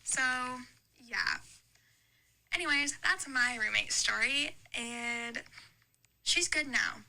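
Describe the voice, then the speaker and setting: Young woman rambling thru a story, super bright voice w a bit of fry, says like a lot. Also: a little high, lively intonation, slow, rough recording. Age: young adult. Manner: chatty, rambling story with many likes. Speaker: podcast guest. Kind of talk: casual storytelling.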